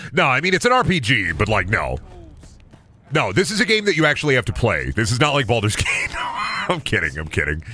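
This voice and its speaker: A man streaming a video game, talking crudely and excitably and laughing often. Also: medium pitch, fairly quick, background noise. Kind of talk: casual gameplay commentary. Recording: music playing behind the voice.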